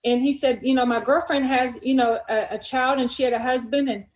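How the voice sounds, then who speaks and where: A woman hosts a podcast, chatting casually through a story and bringing the quoted dialogue to life in an animated retelling. Her voice is high and fairly quick, captured on a low-quality, reverberant recording.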